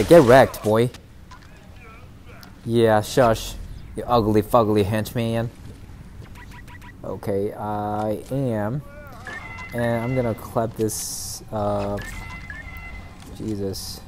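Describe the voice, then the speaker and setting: This man streams a shooter game, casually chatting with viewers and playfully trash talking his opponents. His medium-pitched voice is slow and a little mellow, broken by long pauses, and faint music plays in the background.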